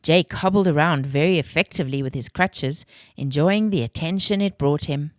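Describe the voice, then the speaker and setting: A woman reading a children's adventure novel aloud in a calm, clear storybook manner. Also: sits low, normal speed, dry recording, studio quality.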